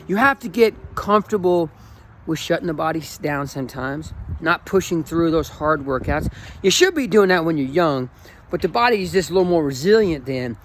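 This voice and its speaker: Man, forties, high voice, running coach, emotional rambling vlog talk, faint vehicle noise behind. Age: 40s. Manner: enthusiastic, emotional, rambling with restarts. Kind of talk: casual motivational vlog.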